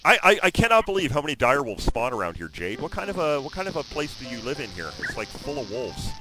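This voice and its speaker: A man giving chatty, excitable commentary on his own video game session, breaking into loud exclamations now and then. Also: mid-range voice, quick pace. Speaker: gaming video host. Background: background music.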